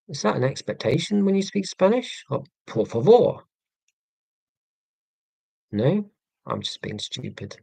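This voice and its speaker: A man's voice: medium pitch, vocal fry, a little mellow, no room sound. Dry, self-mocking English man chatting. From England. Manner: dry, self-mocking, rambling with many ums. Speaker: live-stream host. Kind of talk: casual live-stream chat.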